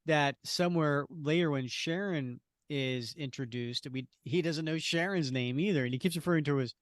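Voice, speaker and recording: Podcast cohost guy, jokey and laughs easy, slightly high voice, dry close sound. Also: moderate pace, no echo. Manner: joking, laughs easily. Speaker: podcast co-host. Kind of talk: casual podcast chat about comics.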